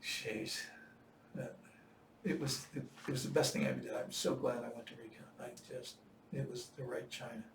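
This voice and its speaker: A man's voice: mid-range voice, normal speed. Older man telling a story, echoey room. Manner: animated, acts out quoted voices with bursts of loud shouting. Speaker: Marine veteran storyteller. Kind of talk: casual storytelling. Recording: echoey room, distant mic, faint noise.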